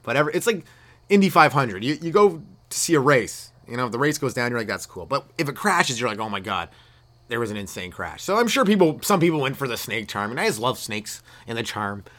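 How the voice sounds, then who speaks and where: A stand-up comic talking alone into his podcast mic, his pitch swooping up and down as he riffs. He keeps tossing out "right?" and "you know", and he laughs at his own jokes between bits. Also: quick pace. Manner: animated, jumps into loud put-on voices for bits. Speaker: stand-up comedian hosting a podcast. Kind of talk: rambling solo comedy riff.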